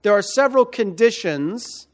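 A man's voice: high voice, expressive, normal speed. A man preaching a sermon, repeating key phrases and asking emphatic rhetorical questions. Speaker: pastor.

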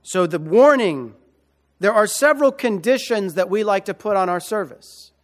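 A man's voice: sits high, expressive, moderate pace. A man preaching a sermon, repeating key phrases and asking emphatic rhetorical questions. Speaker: pastor.

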